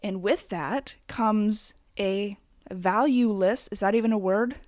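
A woman's voice: medium pitch, slow pace, a little mellow, no echo. A woman in her late twenties speaks bluntly, swearing freely as she gives candid advice with chatty asides. Her voice sits in a mid range for a woman. The recording is dry and close, with no room sound. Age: 20s. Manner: blunt, profane and emphatic; conversational, with frequent asides. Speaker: vlogger. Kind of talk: candid advice rant to camera.

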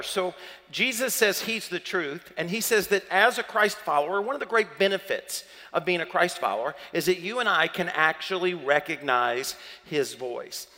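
Bright-voiced Southern pastor in a hall. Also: male voice, high-pitched. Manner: playful, chatty, quizzing the congregation. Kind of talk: sermon.

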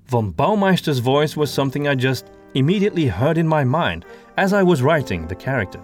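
Man explaining with lively pitch. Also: brisk, faint music behind. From Belgium (Antwerp). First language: Flemish. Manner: explanatory, lightly humorous. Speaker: audio drama creator and voice actor. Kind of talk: behind-the-scenes commentary.

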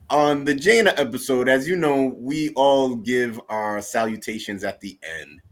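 A man's voice: mid-range voice, fairly bright tone. A man co-hosting a podcast in casual chat, laid-back and joking, often repeating his phrases. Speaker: podcast co-host.

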